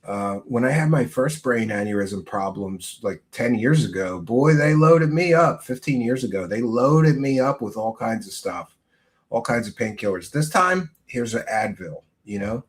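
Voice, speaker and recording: A man's voice: medium pitch, lively intonation, moderate pace. A man hosting a loose livestream talks in a mid-range voice, trading laughs and crude, mocking asides. His delivery is casual and rambling. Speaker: show host.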